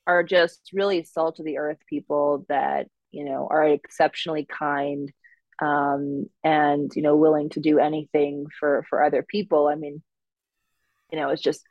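A woman's voice: low voice, no echo, muffled recording. A woman from Minnesota with a Minnesota accent, a guest in an interview, talking in a rambling way with many fillers and restarts. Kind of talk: conversational interview.

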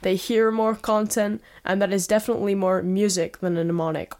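A woman's voice: mid-range voice, fairly even intonation, a little fast, darkish tone, natural voice. A woman putting on a self-assured executive with a made-up European accent. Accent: made-up central European. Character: confident male branding executive. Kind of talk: impression read-out.

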